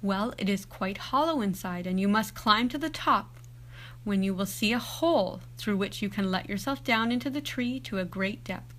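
A woman's voice: mid-range voice, animated, moderate pace, a bit bright, lightly acted. Woman doing a sly old witch explaining things, storybook reading. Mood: instructive.

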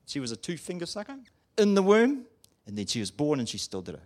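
Animated man preaching a sermon. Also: on the high side, quick pace. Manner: animated, emphatic, asks the audience questions.

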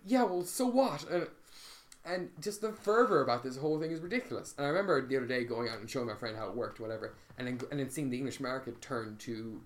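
A man spinning a long story in relaxed chat, with a voice of middling pitch. He is lively and swears freely. He keeps tripping over his own words and restarting, then barrels on. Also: fast.

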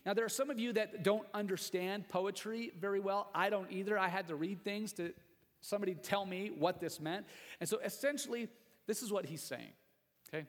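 A man's voice: high-pitched, brisk, big-room sound. A male pastor preaching a sermon in a chatty, joking way, speaking directly to the congregation. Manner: conversational preaching with jokes and asides to the congregation. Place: church sanctuary.

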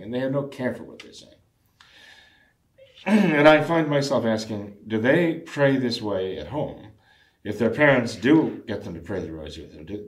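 A man earnestly discussing family prayer in a measured, instructive way, often restarting phrases and clearing his throat. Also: medium pitch, reverberant.

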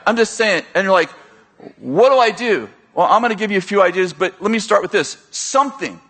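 Middle-aged male preacher, slightly high voice, chatty and animated, in a large church hall. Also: fast talker. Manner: conversational preaching, acts out dialogue, frequent restarts. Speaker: pastor speaking at a leaders conference. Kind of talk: sermon.

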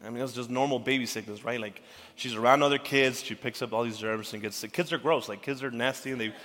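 A young adult man, a pastor, preaching a sermon with earnest feeling that swings from urgent rises to hushed, tender passages. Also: medium pitch, fairly even intonation, fast. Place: church sanctuary. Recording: church hall reverb with faint music.

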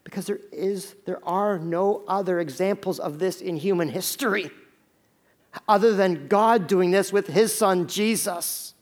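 A man preaching a sermon as pastor, telling a story with sudden loud peaks and hushed stretches, often restarting his words. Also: high-pitched, unhurried. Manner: storytelling, swinging from loud urgent peaks to hushed near-whispers.

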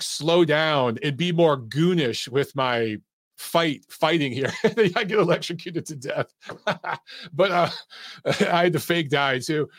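This Atlanta man hosts a casual boxing livestream, wandering loosely between the sport and his acting past while swearing and laughing a lot. His voice sits on the high side. The recording is dry and studio quality.

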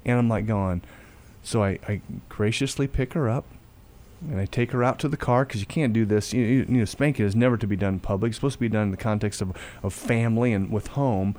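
A man with a lowish voice hosts a faith talk show and tells a family story. His delivery is casual and halting, with frequent repeated words, and he goes quiet whenever he quotes himself.

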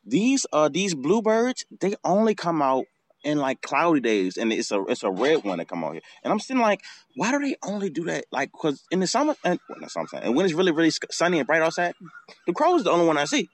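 A man's voice: a little high, very animated, fast, a little hiss or hum. A man hosting a podcast outdoors, telling a casual, swearing story and acting out the bird calls. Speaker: podcast host.

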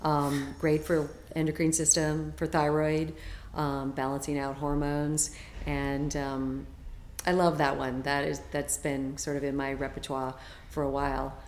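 A woman's voice: deep voice, little pitch movement, measured pace, darkish tone, reverberant, slight background noise. A woman guest on a podcast, a health coach talking in a chatty, enthusiastic way with lots of fillers. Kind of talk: casual interview chat.

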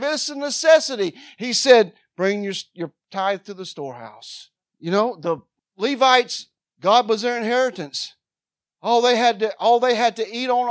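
Fervent woman preacher, shouting then hushed. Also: on the high side, dry recording, studio quality. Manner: fervent, swings between loud shouting and quiet asides. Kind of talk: sermon.

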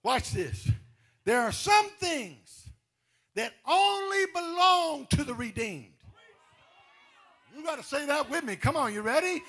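A man preaching a call-and-response sermon as a pastor, shouting and half-singing his lines. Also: very high voice, animated, takes it slowly, pauses often.

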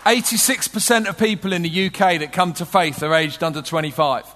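A British man in middle age preaching with a notably high voice. He tells stories with easy humour and a conversational touch. His voice rings out with a long reverb, as in a large hall. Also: a little fast, fairly bright tone, some chatter behind, a little hiss or hum. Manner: humorous, conversational, storytelling. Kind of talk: sermon.

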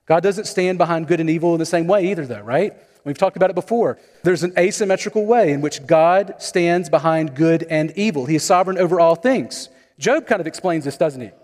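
A man's voice: a little high, a little mellow, in a large hall. A man preaching a sermon as pastor, in a conversational style with storytelling asides.

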